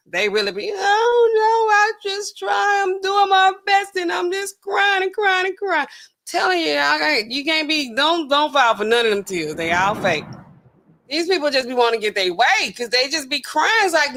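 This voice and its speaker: Woman chatting with her stream, kinda high voice, slangy and animated, lots of um and like. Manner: chatty and animated, talking straight to chat viewers; relaxed slangy speech with frequent filler words. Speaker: host reacting to drug news clips. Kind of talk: casual livestream reaction chat.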